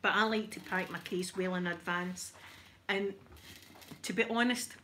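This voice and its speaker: A middle-aged woman with a Scottish accent chats through a casual livestream, telling stories and breaking into laughter. Her voice is bright and forward, with a faint hiss under it. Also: lowish voice, fairly even intonation, a little slow. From Scotland. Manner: chatty, laughs often, tells anecdotes. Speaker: ASMR livestream host. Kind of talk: casual chat while ironing on a livestream.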